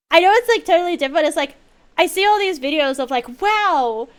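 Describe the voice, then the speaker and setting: A woman streamer chatting casually while gaming, rambling and expressive, with lots of fillers and swearing. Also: very high voice, normal speed.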